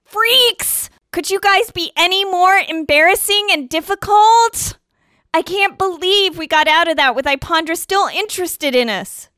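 Casting: a woman as a frazzled female band leader, very high, bright and bossy, in a stage play. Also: lively intonation, unhurried, dry recording, exaggerated voice. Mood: scolding. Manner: exasperated, bossy.

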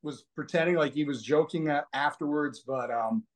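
A man, a podcast guest, telling stories in a rambling, animated way full of fillers. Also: a little high, normal speed. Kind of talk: casual storytelling conversation.

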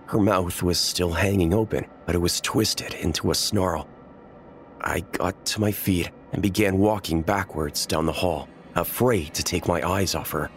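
A man narrating a first-person horror story in a measured, tense storytelling manner. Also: sits low, slight background noise.

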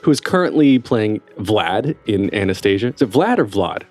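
A man hosting a theater podcast in casual chat, talkative and quick to laugh. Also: on the low side, very animated, darkish tone, soft background music. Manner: chatty, laughs easily. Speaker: podcast host.

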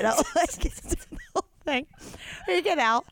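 A woman in her thirties co-hosting a podcast, telling stories in animated casual chat with frequent laughter. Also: on the high side, normal speed, a little hiss or hum. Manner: animated storytelling, frequent laughter and acted-out quotes. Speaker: podcast co-host.

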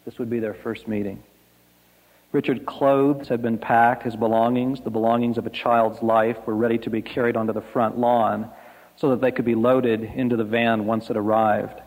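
A man preaching a sermon, telling a story slowly and dramatically, letting his lines fade to a hush. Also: medium pitch, level tone. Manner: slow, dramatic storytelling with soft, hushed line endings. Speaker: pastor. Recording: echoey hall.

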